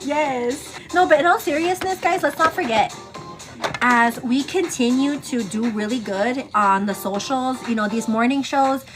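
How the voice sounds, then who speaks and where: A woman's voice: high voice, a little slow, music in the background. A woman hosting a casual morning livestream, chatty and teasing, laughing often and calling her viewers "girl". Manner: laughs often, teasing then turning earnest. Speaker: livestream host. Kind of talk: casual chat on a morning get-ready livestream.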